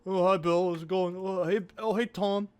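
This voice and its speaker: A man's voice: high-pitched, steady tone, normal speed, clean tone, pitched above the performer's own voice, lightly acted. A man voicing a cheerful, folksy paladin with a Canadian accent who makes friendly small talk.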